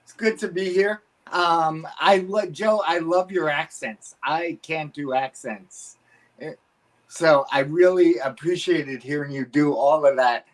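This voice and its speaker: A man's voice: fairly high pitch, a little slow. A man doing stand-up as a guest comedian, with dry self-deprecating jokes and hesitant fillers.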